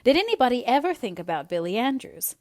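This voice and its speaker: A woman narrating an audiobook in a measured, expressive reading voice. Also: fairly high pitch, no echo.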